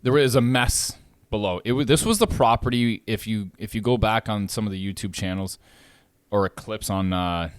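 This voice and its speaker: A man hosting a podcast, telling a landlord story in a loose, animated way, swearing freely and getting louder as he gets riled up. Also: lowish voice, normal speed, clear, resonant tone, no room sound. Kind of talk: casual podcast chat.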